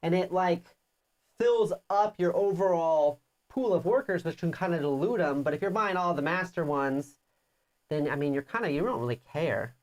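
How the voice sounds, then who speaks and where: A woman's voice: on the low side, lively intonation, moderate pace, darkish tone. A woman co-hosting a live board game playthrough, teasing her opponent and explaining rules at length in casual chat. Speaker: board game show co-host.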